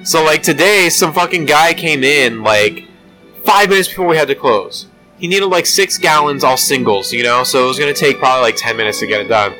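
A man's voice: a little high, expressive, a little fast, pushed and bright, faint music behind. A young man chatting casually on a podcast, laid-back and profane, telling work stories. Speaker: podcast co-host. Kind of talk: casual chat.

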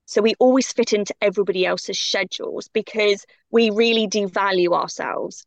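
A woman's voice: medium pitch, vocal fry, no echo, lo-fi sound. A woman guest on a podcast, talking in an impassioned, emphatic way. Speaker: guest coach. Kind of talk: podcast conversation.

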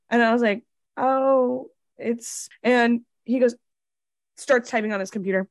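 A woman in her twenties, co-hosting a podcast in casual chat, telling stories with quick asides. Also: fairly high pitch, dry recording, clean studio sound. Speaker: podcast co-host.

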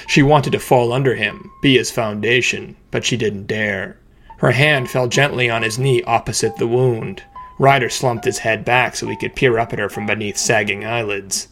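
A man reading a serialized thriller as narrator, measured and dramatic. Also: creaky, a bit bright, slight background noise, poor audio. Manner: measured, dramatic, low-key. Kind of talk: scripted audiobook narration. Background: music.

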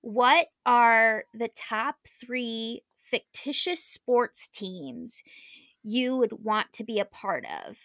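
A woman's voice: fairly high pitch, lively intonation, slow, fairly bright tone, dry recording. A woman co-hosting a podcast, chatting in an easygoing way and laughing often. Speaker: podcast co-host. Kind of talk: casual chat.

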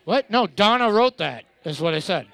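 A man's voice: high voice, expressive, moderate pace, gravelly, fairly bright tone. A man co-hosting a trivia night, wisecracking and laughing through casual banter. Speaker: trivia co-host.

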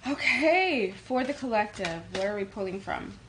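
A woman from New York with a New York accent, hosting a casual tarot livestream and answering comments in a quick, energetic way. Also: mid-range voice, very noisy. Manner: fast-talking, energetic, reads comments aloud. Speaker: livestream host doing tarot readings.

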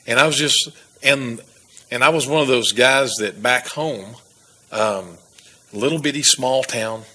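A man's voice: mid-range voice, measured pace, bright, forceful tone, low-quality recording. A man from Texas, earnestly telling his personal testimony as a guest. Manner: earnest storytelling with laughs and restarts.

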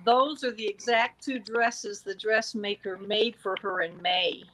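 A woman's voice: medium pitch, a little slow, poor audio. A woman in casual conversation, telling a true-crime story with animation and acting out quoted exchanges. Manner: animated, acts out the quotes from the record.

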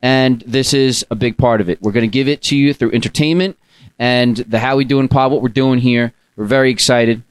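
A man hosting a laid-back podcast, talking upbeat and rambling, with plenty of ums and restarts. His pitch sits in a middle range. The sound is close and dry. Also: steady tone, brisk, clean tone, no echo. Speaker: podcast host. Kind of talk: casual podcast chat.

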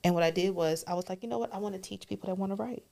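A woman's voice: mid-range voice, rapid-fire, vocal fry, mellow. A woman guest on a podcast, telling her story earnestly and emotionally, dropping to a whisper at key moments.

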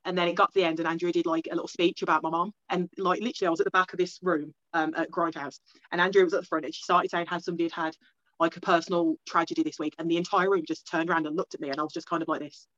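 A young woman from England telling a long personal story as an interview guest, rambling quickly with lots of "like" and acted-out self-talk. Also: fairly low pitch, level tone, fairly bright tone, no echo, muffled recording.

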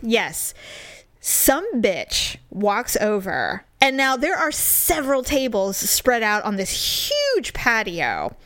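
A woman co-hosting a podcast, telling a story in casual chat, animated and swearing, putting on mocking voices. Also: a little high, slow pace, dry recording. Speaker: podcast co-host.

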